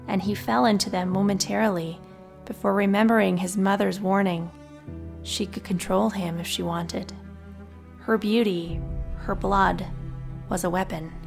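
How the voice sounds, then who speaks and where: A woman narrating an audiobook in a subdued, measured way, taking each line slowly. Faint music plays underneath the reading. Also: mid-range voice, vocal fry. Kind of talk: scripted narration.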